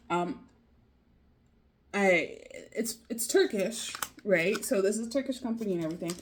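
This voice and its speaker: A woman's voice: mid-range voice, a little mellow, slight background noise. A woman vlogging her language study, thinking aloud, repeating foreign phrases and drifting into chatty asides with little laughs. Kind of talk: casual study vlog.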